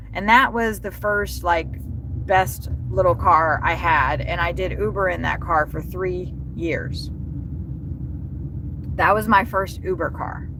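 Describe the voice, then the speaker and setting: A woman talks casually to her livestream while driving, her voice sitting a bit low. She swears a lot and gets excited easily. Steady engine and road noise run under her voice. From Texas. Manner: chatty, profane, excitable. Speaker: rideshare delivery driver livestreaming. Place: inside a moving car. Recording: car noise behind voice.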